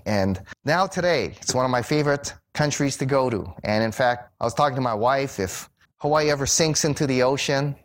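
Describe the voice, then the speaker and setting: A middle-aged man telling a personal story in a sermon, animated and acting out the voices of the people he quotes. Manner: animated storyteller who acts out quoted voices with big pitch jumps. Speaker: Bible teacher and speaker.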